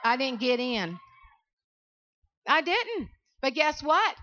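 A Southern woman with a high, bright, ringing voice tells stories to a room of students and keeps calling out "y'all". She is lively and animated. The recording sounds a little dull and lo-fi. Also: slow pace, slight background noise. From South Carolina, US. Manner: animated storytelling, calls out to the audience. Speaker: motivational speaker. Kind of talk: motivational speech to students.

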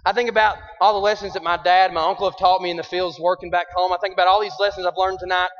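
A man giving an animated, folksy motivational talk to young people in an arena. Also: high-pitched, very fast. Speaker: youth speaker. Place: large arena. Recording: dull echoey arena recording.

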